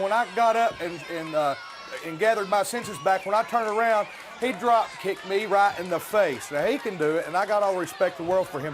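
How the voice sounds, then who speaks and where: A young adult man, a wrestler, cutting a cocky, boastful promo full of brash trash talk. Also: high-pitched.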